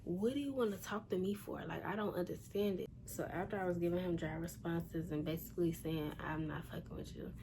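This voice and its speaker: A young woman vlogger tells a casual storytime in a blunt, exasperated, slangy manner. Her voice is on the low side, fairly quick with few pauses, and there's faint background noise.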